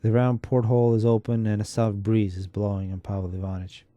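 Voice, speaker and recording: Man reading a short story out loud, steady, real mellow dark voice, dry close mic. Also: on the low side, brisk, dry recording, muffled recording. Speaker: narrator. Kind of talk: unhurried literary reading.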